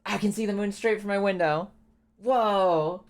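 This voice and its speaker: A young woman streaming a game, chatting casually, excitable, swearing often and breaking into squealing laughs. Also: mid-range voice, measured pace. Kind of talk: casual live-stream chat while playing a game.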